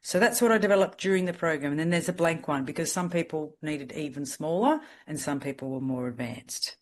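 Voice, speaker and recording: A woman salon business mentor coaching a group over a video call, talking in a blunt, direct and energetic way. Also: low-pitched, brisk.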